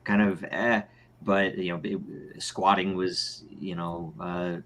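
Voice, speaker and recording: A man's voice: deep voice, little pitch movement, slow, a bit bright, a little hiss or hum. A man co-hosting a casual roundtable chat, hesitant and searching for words. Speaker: co-host.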